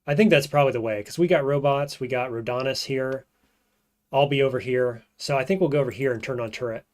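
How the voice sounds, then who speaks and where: A man streaming a roguelike, thinking aloud in casual gameplay commentary and often trailing off into quiet mutters. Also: mid-range voice, fast.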